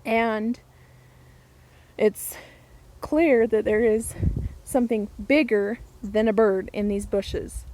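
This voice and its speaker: Woman, vlogger, slow chatty storytelling, slightly high voice, outdoor garden, faint background noise. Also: steady tone, darkish tone, poor audio. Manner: chatty, laughing, unhurried storytelling. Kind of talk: casual storytelling to camera.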